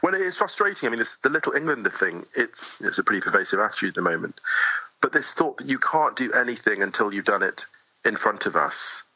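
A man talking as a podcast guest, animated and chatty with many asides, in a dull lo-fi remote recording. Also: on the low side, fast talker, no room sound. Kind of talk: casual interview conversation.

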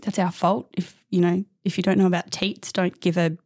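Interview guest, woman, 30s: heartfelt, rambling storyteller with a gravelly edge, dry sound. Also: fairly low pitch, flat delivery, a little fast, a little mellow, no room sound. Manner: open, heartfelt, rambling with restarts. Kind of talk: candid personal storytelling.

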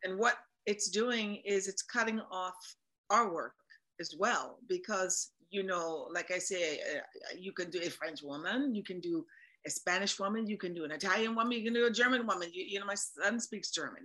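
A woman's voice: medium pitch, moderate pace, bright, forceful tone, rough recording. A woman, a voice actor and producer, talking animatedly and with emphasis as a guest in a casual interview.

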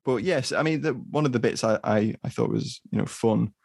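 A man co-hosting a podcast, discussing a film in a measured, hesitant way with many fillers. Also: medium pitch, creaky, darkish tone, slightly rough, no room sound, studio quality. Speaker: podcast co-host.

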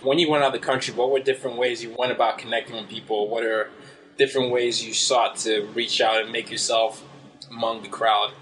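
A man's voice: mid-range voice, a little fast, low-quality recording. A man hosting a podcast interview, enthusiastic and prone to stumbling over his words. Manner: enthusiastic, stumbles and restarts, excitable. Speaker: podcast host. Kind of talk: casual interview.

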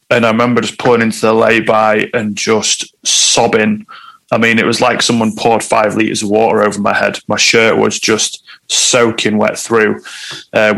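Low gravelly man. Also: fairly bright tone, poor audio. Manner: candid, reflective, measured. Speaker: guest. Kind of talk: personal story in conversation.

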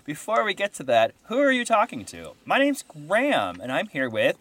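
A man's voice: on the high side, normal speed, a little hiss or hum. A man hosting a casual film podcast with his friends, talking enthusiastically about movies. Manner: enthusiastic, animated. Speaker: podcast host.

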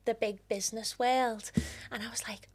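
A young woman with a Liverpool accent, a guest telling stories in a chatty, animated way with local slang. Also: on the high side, moderate pace. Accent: Liverpool (Scouse). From Liverpool, England. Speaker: interior stylist guest. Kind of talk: casual podcast interview.

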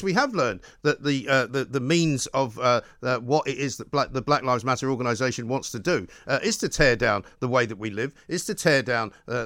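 A man hosting a talk radio show, making his points in a halting way with many fillers. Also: medium pitch, a bit bright, dry recording, clean studio sound. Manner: halting, with frequent fillers and restarts. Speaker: radio host.

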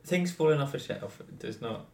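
A man's voice: medium pitch, expressive, moderate pace, vocal fry, a little mellow, echoey room. A man co-hosting a podcast in casual chat, a sarcastic, sweary skeptic. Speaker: podcast co-host.

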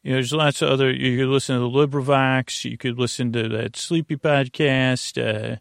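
Creaky, soothing sleep-podcast man. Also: medium pitch, fairly even intonation, moderate pace, hardly any pauses, dry recording, clean studio sound. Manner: rambling, full of fillers and tangents. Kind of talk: meandering bedtime talk.

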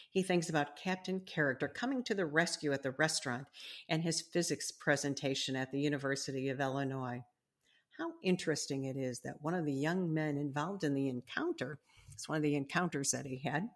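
A woman, an author and podcast host, gently explaining ideas and reading aloud from her own book in a deliberate, teacherly way. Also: deep voice.

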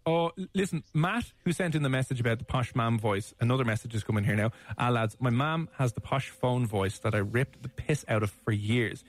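A man's voice: mid-range voice, fairly quick, few pauses, dry recording. An Irish man hosting a radio show, chatting casually in a jokey, teasing way and laughing easily. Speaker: radio host. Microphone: studio mic.

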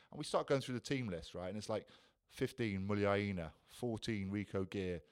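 A man's voice: on the low side, normal speed, few pauses. A man co-hosting a casual chat, telling self-deprecating stories with dry humour. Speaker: podcast co-host.

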